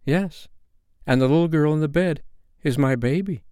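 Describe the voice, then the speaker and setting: A man voicing Wendy, a gentle, wistful grown-up mother, in a storybook reading. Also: a little high, normal speed, clear, resonant tone, dry recording, studio quality, voice pushed up, close to an everyday voice. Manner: soft and tender.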